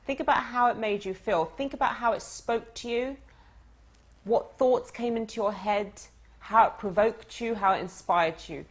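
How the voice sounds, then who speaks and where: A woman coaching her audience through a lively story, talking in an animated, conversational way. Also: a little high, moderate pace. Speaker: dating coach. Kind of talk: storytelling lesson.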